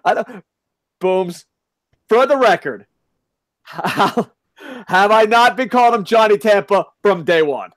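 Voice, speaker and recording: A man co-hosting a casual podcast, ranting loudly with lots of swearing. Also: high voice, lively intonation, slow pace, pauses often, no room sound. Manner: loud, profane ranting. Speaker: podcast co-host.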